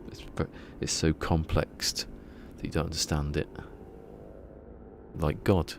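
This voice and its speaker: A man's voice: extremely low pitch, flat delivery, slow, background noise. A man streaming a game and chatting casually to his viewers, rambling and laughing at his own jokes. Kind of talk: casual live-stream chat.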